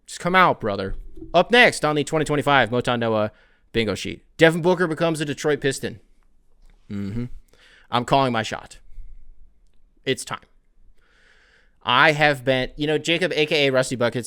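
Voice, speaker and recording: Brief: young male podcast host, casual comedic rant, swears freely, rambles off on tangents. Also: mid-range voice. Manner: profane, rambling, animated with quick asides.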